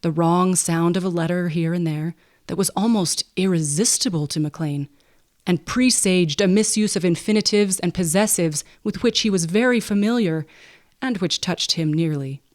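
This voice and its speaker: A woman with a slightly low voice reads a classic novel aloud. Her narration is even and unhurried, the pace of a calm storybook reading. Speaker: audiobook narrator and podcast host.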